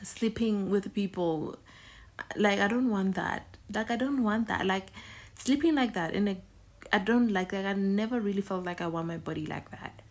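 A woman's voice: medium pitch, normal speed. A woman hosting a reaction video in a casual, conversational way, often repeating words and phrases for emphasis.

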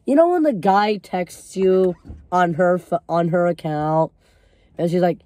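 Teen boy vlogger, warm mellow tone, dry close sound, rambling and swearing. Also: high voice, animated, normal speed, no room sound. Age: teenager. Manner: rambling, filler-heavy, swears freely. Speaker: storyteller. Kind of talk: casual storytime vlog.

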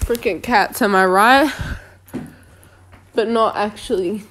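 A woman's voice: mid-range voice, a little slow, pauses often. A young woman chatting her way through a video game, joking with her viewers as she plays. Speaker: gaming video creator. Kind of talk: casual gameplay commentary.

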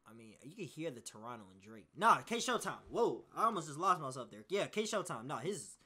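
Lively slangy streamer guy. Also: on the high side, a little fast, husky. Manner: loose slangy banter, repeats himself. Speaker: streamer reacting to a video. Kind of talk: casual reaction commentary.

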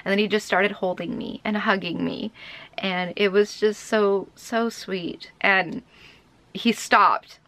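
A woman's voice: medium pitch, fairly even intonation, slow pace, a bit bright. A young woman vlogger telling a personal story to camera in a rambling, emotional, heartfelt way.

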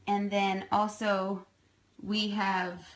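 A woman chatting casually on a home livestream while fostering kittens, cooing at them in soft baby talk. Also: medium pitch, little pitch movement, extremely slow, rough recording.

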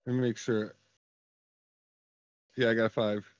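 A man playing in a tabletop game, chatting in quick, matter-of-fact remarks. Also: lowish voice, flat delivery, smooth, no echo, lo-fi sound. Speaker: player.

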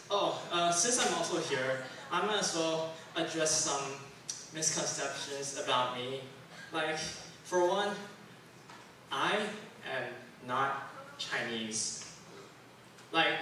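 A man's voice: a little high, sharp tone, a little hiss or hum. A young man from Taiwan doing a stand-up comedy set, rambling and self-deprecating with lots of fillers, on a club stage. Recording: very echoey room, distant mic.

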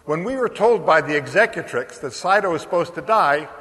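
An older man with a slightly high voice tells a story from the stage of a big conference hall. His words ring on in a long reverb as he carries the room through the tale, dotted with ums and uhs. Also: brisk. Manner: lively anecdotal telling with frequent fillers. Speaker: keynote speaker. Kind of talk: storytelling keynote speech.

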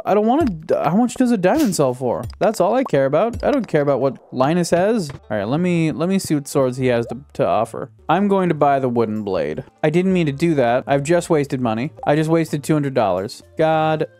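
A young man casually commenting on his own gameplay, excitable and chatty, talking to himself and to the game. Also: a little high, a little hiss or hum. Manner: excitable, talks to himself and the game, yelps at surprises. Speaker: gaming YouTuber. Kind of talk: casual let's-play commentary.

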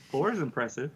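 Laid-back bright-voiced man. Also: a little high, a little hiss or hum. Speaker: guest. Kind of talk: casual chat.

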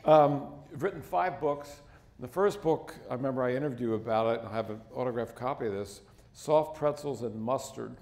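A man with a gravelly, creaky voice and a slight Philadelphia accent interviews a guest on stage in front of an audience. He speaks haltingly, stumbling over and repeating words as he begins. His pitch stays in an ordinary middle range. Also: darkish tone. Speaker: interviewer host. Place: stage before a live audience.

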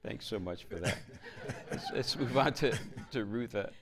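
A man's voice: medium pitch, animated, moderate pace, noisy background. A man moderating a panel, asking short, prompting questions.

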